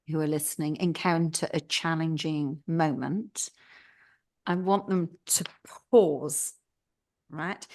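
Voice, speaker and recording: Gentle coaching woman, lower voice. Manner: gentle, coaching, checks in with "right?" and "yeah?". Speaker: podcast co-host. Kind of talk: casual chat.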